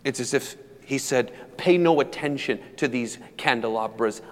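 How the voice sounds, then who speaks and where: Male pastor, mid-pitched voice, dynamic sermon delivery, long reverb. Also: moderate pace, hardly any pauses. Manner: dynamic preaching, building from hushed to loud emphatic peaks.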